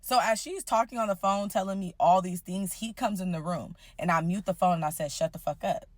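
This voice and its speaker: A woman telling a story in a casual vlog, blunt and profane, animated and fired up. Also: medium pitch, a little fast, no echo, shouting.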